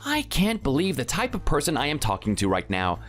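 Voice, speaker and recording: A man's voice: on the high side, huge pitch swings, a little fast, fairly bright tone, soft background music. A man voicing an indignant family man who confronts a bully, read in a synthetic texting-story style. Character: Italian-born family man standing up to a bully. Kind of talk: text-to-speech texting story.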